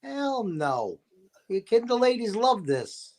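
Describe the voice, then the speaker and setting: A man's voice: sits high, sing-song, unhurried, a little mellow. Enthusiastic man telling a story. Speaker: guest. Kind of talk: casual chat.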